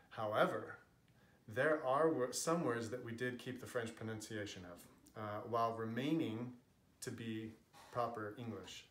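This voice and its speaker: A man's voice: mid-range voice, a little slow, fairly bright tone, echoey room. A man with an American accent explaining language points in a casual, earnest, chatty way, with many fillers. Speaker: language vlogger.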